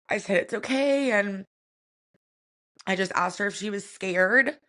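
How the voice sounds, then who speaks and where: A woman with a mid-range voice co-hosts a podcast, softly and reflectively sharing a personal family story, her speech full of casual fillers.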